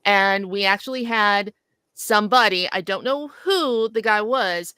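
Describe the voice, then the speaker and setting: A woman co-hosting a casual talk show, telling stories in an animated way and laughing often. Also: mid-range voice, unhurried, clear, resonant tone, no room sound. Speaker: co-host. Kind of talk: casual chat, storytelling.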